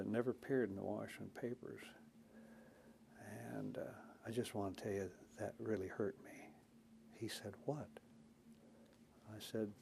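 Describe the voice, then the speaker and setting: Older man with a gravelly folksy voice. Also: fairly low pitch, dark tone, slight background noise. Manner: folksy, anecdotal, chuckling, acts out quotes. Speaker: interviewee, former senator. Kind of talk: oral history storytelling.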